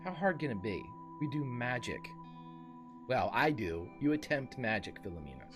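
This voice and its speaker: A man's voice: mid-range voice, big pitch swings, moderate pace, faint music behind, voice pushed down, natural voice. A man playing a boastful wizard in a tabletop game, rambling and unsure of himself. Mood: smug. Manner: boastful, bumbling. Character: cocky male wizard.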